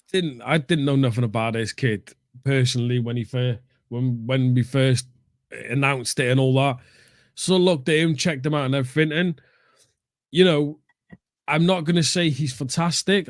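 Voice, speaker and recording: A man's voice: mid-range voice, normal speed, pauses often, no room sound, clean studio sound. A man co-hosting a casual football chat show, talking in an easygoing, rambling way full of fillers. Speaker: co-host.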